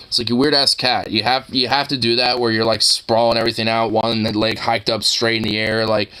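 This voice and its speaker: A man's voice: mid-range voice, level tone, fairly quick, sharp tone, clean tone. A man giving casual, rambling commentary while browsing online posts, full of profanity and filler.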